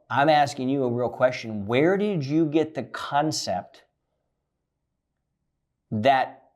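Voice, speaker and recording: A man delivers a blunt relationship-coaching monologue full of profanity, shifting between loud, emphatic bursts and low, quiet lines.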